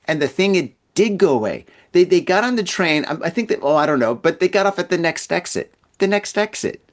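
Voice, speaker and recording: A man's voice: high-pitched, animated, brisk. Rambling, stammering podcast host, a man. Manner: rambling, stammers and repeats words, acts out quoted voices. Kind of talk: casual storytelling monologue.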